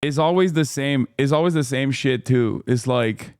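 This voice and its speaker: Male streamer, casual reaction commentary, sarcastic and profane, smooth resonant voice. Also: mid-range voice, moderate pace, darkish tone, no room sound, clean studio sound. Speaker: streamer reacting to a debate clip.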